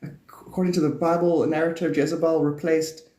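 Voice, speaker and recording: A man's voice: on the high side, flat delivery, normal speed, dark tone, reverberant. A man hosting a live stream, chatting in a rambling way, laughing often and swearing as he jumps between topics.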